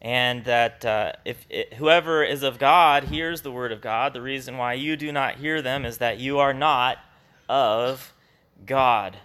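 A pastor gives an informal Bible lesson to his congregation, moving through the passage slowly and deliberately. His medium-pitched voice sounds bright and slightly tense. He speaks conversationally, frequently restarting sentences and slipping in little chuckles.

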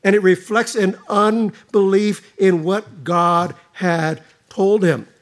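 Slow, high-voiced preaching man. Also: fairly even intonation. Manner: slow, emphatic preaching with dramatic pauses and repeated phrases. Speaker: pastor. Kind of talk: sermon.

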